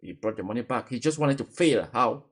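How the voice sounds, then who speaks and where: Man, reaction commentator, emphatic, repeats himself for effect, mid-pitched. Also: lively intonation, fairly quick, husky. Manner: emphatic, repetitive rhetorical questions.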